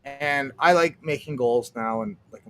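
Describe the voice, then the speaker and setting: Young canadian guy streaming, rambly and sweary, keeps cutting himself off, mid pitch. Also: unhurried, a bit bright, slight background noise. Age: young adult. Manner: rambling, profane, trails off and restarts. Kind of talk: casual livestream chat.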